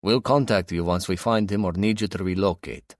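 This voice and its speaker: A man's voice: sits low, fairly quick, no room sound, natural voice. A man voicing a stern male Russian raider leader who speaks over a radio with a Russian accent and gives curt orders. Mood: commanding.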